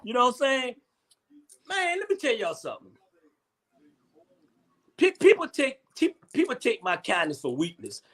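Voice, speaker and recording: A man's voice: extremely high pitch, huge pitch swings, fairly quick, fairly bright tone. A man hosting a casual comedy chat, rambling and repeating himself with frequent laughs. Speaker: host.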